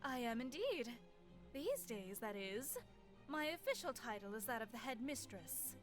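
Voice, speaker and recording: A woman voicing a stern, formal pony headmistress on a high council, in a fan-made game. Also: very animated, a little slow. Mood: gracious. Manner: formal, prim. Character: stern, proper pony headmistress, middle-aged. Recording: game audio with music behind.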